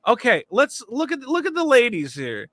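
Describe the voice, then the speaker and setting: Animated high-voiced man, mocking. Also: moderate pace, no room sound. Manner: loud, animated, mocking, swears a lot. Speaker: podcast host. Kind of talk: casual comedic chat.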